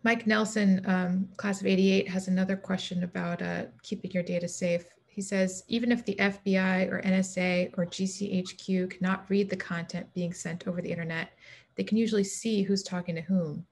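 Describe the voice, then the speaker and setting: A woman moderating an online forum, reading out audience questions in a measured way on a video call. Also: medium pitch, little pitch movement, creaky, a little mellow.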